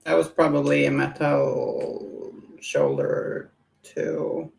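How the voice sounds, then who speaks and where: A woman's voice: low-pitched, big pitch swings, takes it slowly, creaky, darkish tone, low-quality recording. A woman hosting a miniature-painting livestream, chatting casually and muttering jokes to herself as she works at her hobby desk at home. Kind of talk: casual chat while working.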